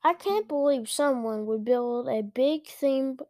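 Brief: gruff storybook dad, grumbling, read by a woman, dry close sound. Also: sits high, a little slow, warm tone, no room sound. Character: impatient grumbling father driving the family car.

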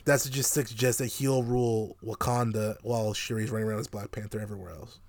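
A man's voice: fairly low pitch, fast talker. A man co-hosting a casual podcast about a movie, swearing freely and laughing often as he rants. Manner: animated, profane, laughing often. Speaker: podcast co-host. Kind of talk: casual movie review chat.

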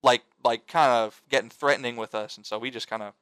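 A man's voice: mid-range voice, fairly even intonation, fairly quick, a bit bright, smooth, no room sound. A young man telling stories in casual chat with friends, rambling and swearing, full of fillers and restarts. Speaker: storyteller among friends.

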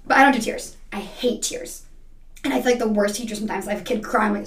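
A woman who teaches second grade, telling stories in a quick, animated way during a casual interview. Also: mid-range voice.

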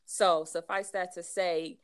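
A woman's voice: lowish voice, steady tone, slow pace, smooth. A woman hosting a podcast, talking reflectively about healing and the law of attraction. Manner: reflective, spiritual talk. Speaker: podcast host. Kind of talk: podcast conversation.

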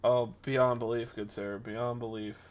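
An animated young man spins a workplace story for his stream. He talks at a mid pitch, keeps a casual tone, and slips into the voices of the people he quotes. When the story heats up, he gets loud. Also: unhurried, slight background noise. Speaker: streamer telling stories.

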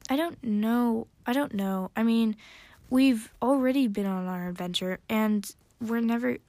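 A woman's voice: fairly high pitch, unhurried, warm tone, no room sound. Hesitant dreamy male dragon, storybook reading, a woman voicing. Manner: hesitant, rambling.

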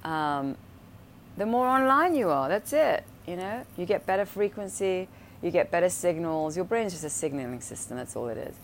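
Low-voiced woman, blunt, swears a lot, keeps saying right? you know?, casual spiritual chat. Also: expressive, moderate pace, slight background noise. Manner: blunt and profane, acts out quoted voices.

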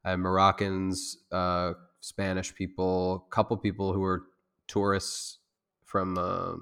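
A man who teaches self-defense, talking in a loose, rambling way with many restarts and fillers, and growing loud and heated when he makes a point. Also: low voice, monotone, takes it slowly, clean tone. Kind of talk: conversational interview.

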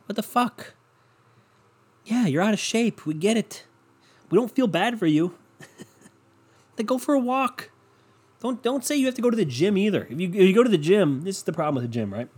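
A man with a husky, slightly high voice rants into a desk microphone. He is sarcastic and swears freely, and his delivery swings between loud outbursts and low muttering. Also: animated, moderate pace, pauses often. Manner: ranting, profane, sarcastic, swings loud and soft. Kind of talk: casual rant monologue.

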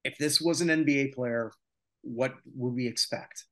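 A man's voice: medium pitch, normal speed, fairly bright tone. A man hosting a casual sports talk podcast, venting his opinions with lots of filler sounds. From North America. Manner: opinionated, ranting, many filler "uh"s. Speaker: podcast host.

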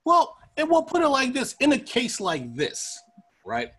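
A man hosting a podcast, giving profane, ranting political commentary in a casual, animated way. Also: very high voice, a little slow, breathy edge. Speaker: podcast host.

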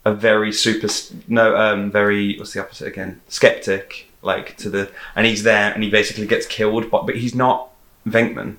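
A man co-hosting a casual film chat, talking in an animated way with quick reactions. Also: on the low side. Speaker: podcast co-host. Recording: roomy echo.

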